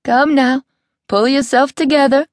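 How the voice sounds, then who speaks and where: Brisk no-nonsense sister, voiced by a female narrator; dry close recording. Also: on the high side, a little mellow, no room sound, voice pushed up. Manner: brisk, firm.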